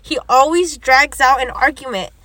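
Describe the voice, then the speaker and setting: High, bright, animated young woman. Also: normal speed, no echo. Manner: animated storytelling, acts out quoted lines, swears often. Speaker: podcast co-host. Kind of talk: casual chat.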